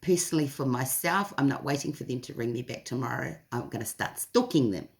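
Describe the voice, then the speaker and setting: A middle-aged woman with a New Zealand accent, telling her day in a chatty video diary with a lively, laughing manner. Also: very deep voice, fairly quick, gravelly. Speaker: vlogger. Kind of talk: casual spoken diary.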